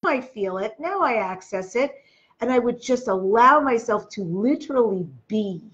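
A woman's voice: fairly high pitch, lively intonation, moderate pace, fairly bright tone, dull audio. A woman hosting a spiritual self-help video, talking earnestly to her viewers and coaching them through their feelings. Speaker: host. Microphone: webcam or phone video.

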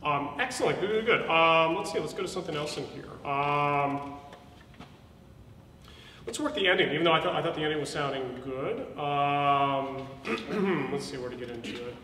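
A man's voice: on the high side, normal speed, bright, forceful tone, a little hiss or hum. Man coaching a voice lesson, echoey. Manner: encouraging, explanatory, many fillers. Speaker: voice teacher. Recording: echoey room, mic far off, with piano.

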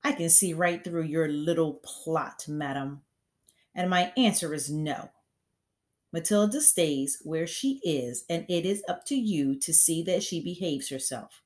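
Woman doing a booming bully headmistress. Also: unhurried. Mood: scornful, bellowing. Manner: loud barking, booming delivery. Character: bullying huge female headmistress, furious and scornful.

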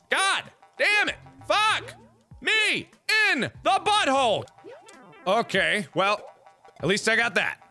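A young man giving loud, exclamatory gaming commentary, swearing and mocking himself. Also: high voice. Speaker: gaming video host.

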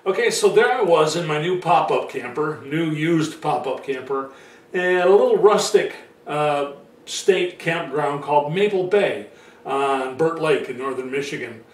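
A man's voice: on the high side, animated, measured pace. A man casually telling his own story in a rambling, chatty way, with lots of fillers. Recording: roomy sound from a distant mic.

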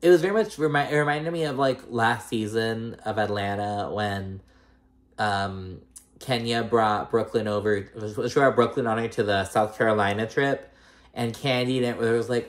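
A man's mid-range voice, at normal speed, carries a laid-back reality show recap. He rambles and chats, with "like" and "girl" popping up constantly.

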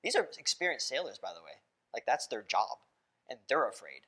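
A pastor preaching a sermon in a church, talking casually, asking the congregation questions and laughing often. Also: male voice, mid-range voice, huge pitch swings, a little fast, sharp tone, slightly rough. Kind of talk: interactive sermon. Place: church sanctuary.

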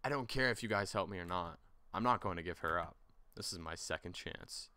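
A brooding grown man from a video game speaks low and grim, as a man reads him in his own voice. The tone is bright and crisp, recorded dry and close. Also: a little fast, no echo. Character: brooding grown man guarding a found baby girl.

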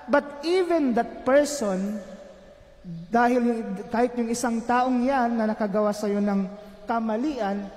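A man's voice: very high voice, unhurried, darkish tone. A Filipino priest reading the Gospel and preaching a homily, moving between English and Tagalog and often checking in with his listeners by asking "okay?". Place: large church. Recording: echoey church with long reverb.

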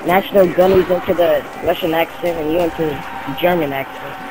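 Playful higher-voiced gamer guy. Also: steady tone, brisk, crowd noise, background noise. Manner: playful, goofy quips. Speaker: co-op gaming partner. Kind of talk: casual gameplay chat.

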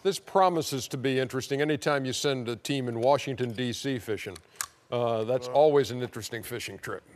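Steady-voiced TV sports host. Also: male voice, medium pitch, brisk. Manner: wrapping up with a steady host's cadence. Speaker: studio host. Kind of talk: sports studio banter.

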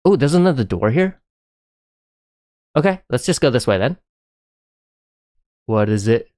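A man giving excitable, chatty live commentary while playing a game, often breaking into laughter. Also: medium pitch, unhurried, dry recording, clean studio sound. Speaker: live streamer.

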